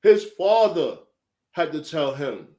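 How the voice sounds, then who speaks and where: A man giving a casual, animated, profane recap of a show, full of slang. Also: a little high, slow. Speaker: show reviewer.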